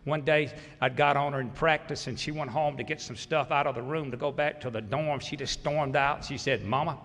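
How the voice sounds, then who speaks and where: A Southern man in his sixties speaks at a podium with a bright, forceful voice and folksy, grateful humor. His words ring out into a large hall with a long, echoey reverb behind them. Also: mid-range voice, steady tone, fairly quick. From Mississippi. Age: 60s. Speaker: basketball coach. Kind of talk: hall of fame acceptance speech.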